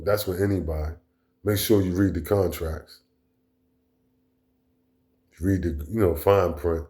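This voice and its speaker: A man's voice: deep voice, steady tone, a little slow, dark tone. A man delivering a blunt, profane, rambling monologue as a vlog host. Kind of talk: casual monologue rant.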